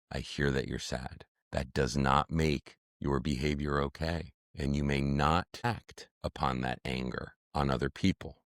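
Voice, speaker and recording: Earnest deep-voiced man lecturing parents. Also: no echo, studio quality. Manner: earnest, direct, addresses listeners as friends and parents. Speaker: parenting educator.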